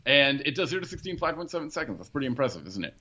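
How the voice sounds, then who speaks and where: Bright-voiced rambling man, lo-fi sound. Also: mid-range voice, big pitch swings, rapid-fire. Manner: rambling, self-correcting, laughs at own jokes. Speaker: car reviewer. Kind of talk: casual podcast chat. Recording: muffled, lo-fi audio.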